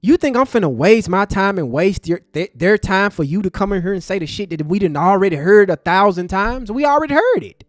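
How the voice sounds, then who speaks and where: A man hosting a live stream, angry and passionate, cursing in street slang, with loud bursts and low mutters. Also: animated, a little fast, hardly any pauses, no echo, studio quality. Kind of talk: heated live stream commentary.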